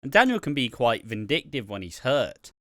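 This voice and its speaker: A man's voice: medium pitch, sing-song, moderate pace, pushed and bright, dry recording, clean studio sound. A man hosting a podcast, chatting casually about a soap opera with lots of "um"s and "like"s and some casual swearing. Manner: rambling, many "um"s and "like"s, casual swearing. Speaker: podcast host. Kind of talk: casual soap review chat.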